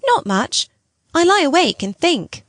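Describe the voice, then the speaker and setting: A woman voicing a clever, charming young boy with a bright, teasing way of talking in an audiobook. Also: extremely high pitch, big pitch swings, measured pace, no room sound, studio quality, pitched above the performer's own voice, full character voice.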